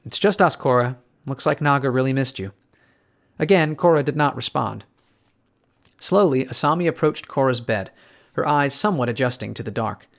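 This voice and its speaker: Guy narrating an audiobook, even mid voice, steady storytelling. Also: mid-range voice.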